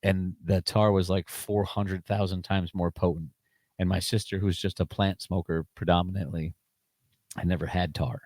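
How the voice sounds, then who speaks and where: Deep-voiced man rambling crude anecdotes. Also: steady tone, moderate pace, a little mellow, dry recording. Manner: rambling, crude anecdotes, dropping low at times. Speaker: podcast guest. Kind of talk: casual chat.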